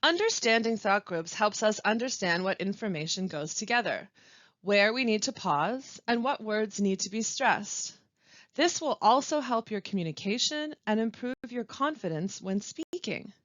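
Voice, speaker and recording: A woman teaching pronunciation in a scripted webinar, speaking slowly and carefully with deliberate pauses. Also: medium pitch, expressive, fairly bright tone, dry recording. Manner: slow, careful, deliberate delivery with clear pauses. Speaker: language support specialist. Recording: dry, dull lo-fi voice-over.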